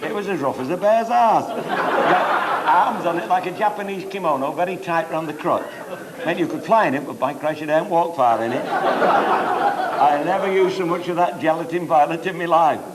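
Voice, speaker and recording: At a normal speed, an older Cheshire-accented after-dinner comedian spins bawdy stand-up anecdotes on stage, his voice on the high side and broken by chuckles. The crowd laughs throughout this noisy live recording.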